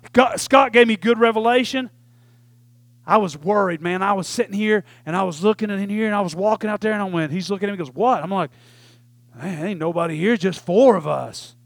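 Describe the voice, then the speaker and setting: A man preaching a sermon to his church, swinging from loud calls to hushed asides as he talks to the congregation. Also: high voice, fast talker, no echo. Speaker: pastor.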